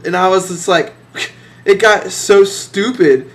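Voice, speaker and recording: A man's voice: high voice, takes it slowly. A young man telling a boastful, sarcastic mock story about leaving his band.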